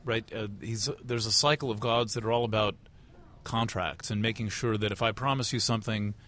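A man from the United States interviewing at a conference, asking thoughtful questions with halting restarts. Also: fairly low pitch, fairly even intonation, fairly bright tone. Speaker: interviewer, astrology writer.

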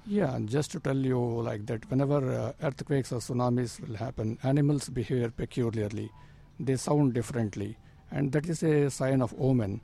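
A man in his fifties with a dark, husky voice and a gravelly edge to his words. He answers questions earnestly in plain, simple phrasing. He pauses often and fills the gaps with soft hesitations. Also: medium pitch. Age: 50s. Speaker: astrologer. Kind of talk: interview answers.

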